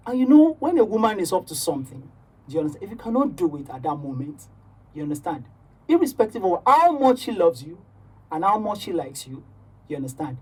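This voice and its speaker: Nigerian woman radio guest, low mellow husky voice, a bit off-mic, rambling. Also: sing-song, fast, recorded from a distance. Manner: rambling, keeps asking "do you understand?". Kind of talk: casual radio chat.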